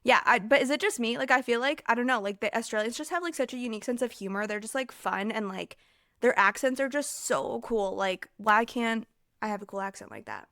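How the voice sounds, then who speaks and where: A young American woman hosts a casual solo podcast, rambling, chatty, and self-interrupting with heavy fillers, sounding overheated and distracted. Her voice is highish, expressive, a little fast, and fairly bright, recorded dry with studio quality.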